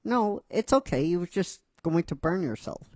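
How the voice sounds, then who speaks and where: A man voicing a gentle, caring young woman who speaks softly and with some hesitation, reading her lines as he tells a story. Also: high-pitched, very animated, normal speed, dry recording, voice pushed up.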